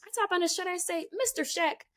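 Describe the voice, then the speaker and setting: An extremely high-pitched young woman talks fast as she tells a story in casual chat on a podcast she co-hosts. Animated throughout, she acts out the dialogue and uses "like" as a frequent filler.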